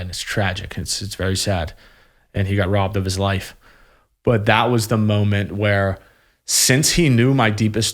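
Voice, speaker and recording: A young man speaks in a fairly low voice. He tells his story candidly on a podcast, halting and emotional, with frequent fillers and restarts. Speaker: podcast guest.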